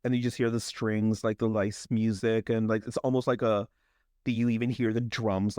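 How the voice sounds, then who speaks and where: Laughing, animated male podcast co-host. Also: on the low side, moderate pace, clear, resonant tone, no room sound, studio quality. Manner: animated storyteller, jokes and laughs. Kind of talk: casual movie recap chat.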